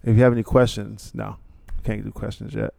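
A man's voice: on the low side, level tone, a little fast, vocal fry, dark tone, no room sound. A man in his thirties hosting a podcast, talking in a laid-back, rambling, slangy way and laughing often. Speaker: podcast host. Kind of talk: casual chat.

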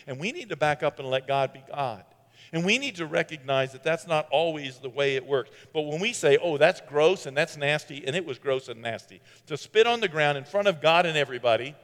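Pastor, man, animated sermon delivery, fairly high voice, long hall reverb. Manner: animated, swings from loud to quiet.

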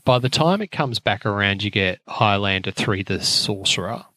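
A man's voice: lowish voice, expressive, moderate pace, sharp tone, dry recording. A man chatting casually about films, rambling, with lots of fillers and restarts and some swearing. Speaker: podcast co-host. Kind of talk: casual film chat.

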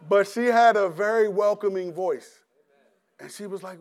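Middle-aged male preacher telling his testimony. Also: sits high. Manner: animated storyteller who acts out his past self, often laughing; halting, with frequent restarts and repeated words. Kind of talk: personal testimony sermon.

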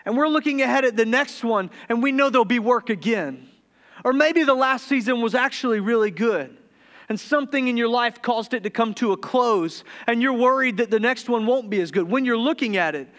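A man in his thirties preaches from the pulpit in a high, bright, forward voice. He tells self-deprecating stories with a comic edge, then drops into a hushed, tender tone. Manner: humorous, confessional storytelling that turns quiet and tender. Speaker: pastor. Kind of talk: sermon.

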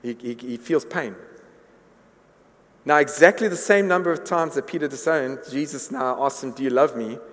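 A man's voice: on the high side, moderate pace, fairly bright tone. A man preaching a sermon to his congregation, earnest, often repeating words as he builds a point. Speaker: pastor. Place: church hall. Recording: long reverb of a large hall.

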